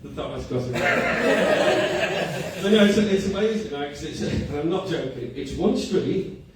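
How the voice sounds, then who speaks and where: A man's voice: on the high side, lively intonation, measured pace. A male comedian performing a stand-up set at a cafe comedy night, self-deprecating and often laughing at his own lines. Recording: echoey room, far mic, noisy.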